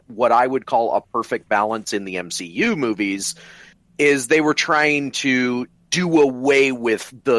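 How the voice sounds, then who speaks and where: A man's voice: mid-range voice, a bit bright, no room sound. A man hosting a podcast, explaining at length in casual chat and cutting in on others. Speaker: podcast host.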